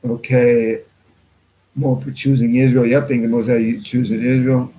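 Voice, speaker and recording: A man hosting his own channel, reading viewer comments in a rambling, blunt way and clearing his throat often. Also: medium pitch, level tone, moderate pace, dark tone, a little hiss or hum, low-quality recording. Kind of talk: casual livestream commentary.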